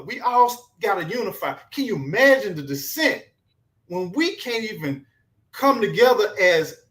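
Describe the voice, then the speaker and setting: A man's voice: high-pitched, fairly bright tone. A man. He tells a story in a casual, earnest way and preaches a little as he goes.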